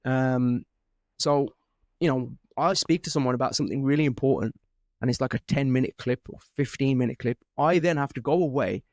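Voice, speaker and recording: A young man hosting a casual podcast, talking in an animated way with lots of swearing and laughter. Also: mid-range voice, fairly quick, no echo, studio quality. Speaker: podcast host.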